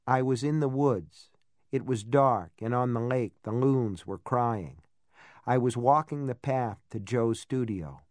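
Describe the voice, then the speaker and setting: A man reading a novel aloud as an audiobook narrator, in a measured, steady storytelling manner. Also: medium pitch, dry recording, clean studio sound. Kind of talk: scripted narration.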